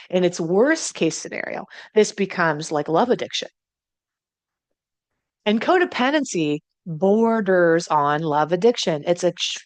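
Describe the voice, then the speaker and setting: A middle-aged woman teaching about relationships as a coach, blunt and animated, swearing and talking straight to viewers. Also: on the low side, no room sound. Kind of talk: motivational teaching.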